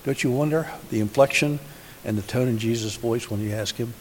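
A man's voice: mid-range voice, fairly even intonation, brisk. A man giving a sermon as a pastor, asking the congregation many rhetorical questions in a conversational way. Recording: hissy recording in a reverberant hall.

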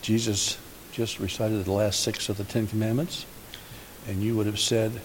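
A man's voice: lowish voice, flat delivery, normal speed. Male pastor, conversational questioning sermon, long hall reverb, faint hiss. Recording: hissy recording in a reverberant hall.

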